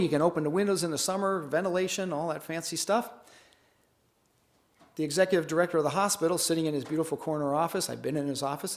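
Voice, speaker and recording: A man giving a conference keynote in a folksy, storytelling way, acting out the dialogue of the people in his stories. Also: a little high. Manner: folksy, animated, acts out dialogue. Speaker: keynote speaker.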